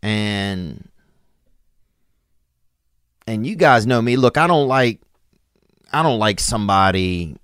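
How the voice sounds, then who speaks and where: A man hosting a show, telling a story in a meandering, halting way full of fillers and restarts. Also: on the low side, lively intonation, fairly bright tone, clean tone, dry recording, clean studio sound. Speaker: podcast host. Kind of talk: rambling comic monologue.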